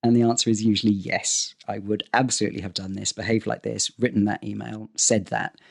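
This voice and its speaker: A man, a talent agent talking casually as a podcast guest, animated and often repeating words as he starts a sentence. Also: on the low side, brisk, vocal fry. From England. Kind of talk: casual interview chat.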